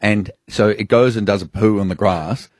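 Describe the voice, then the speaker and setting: A man's voice: on the low side, normal speed, a little mellow, dry recording, studio quality. A man, co-hosting a radio show, telling a story with animation and frequent laughter. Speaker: radio co-host. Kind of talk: casual radio chat, storytelling. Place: radio studio.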